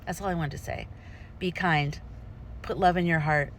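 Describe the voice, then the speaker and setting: A woman's voice: on the low side, steady tone, moderate pace, a little hiss or hum. A woman vlogger speaking her opinions with passion, rambling and often restarting her sentences. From United States. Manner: impassioned, rambling with frequent restarts. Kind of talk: personal opinion vlog.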